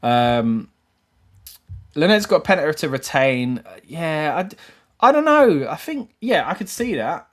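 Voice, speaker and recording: A man hosting a live wrestling show, giving rambling, self-correcting predictions that rise into animated questions. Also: fairly high pitch, a little slow. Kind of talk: live-stream commentary and predictions.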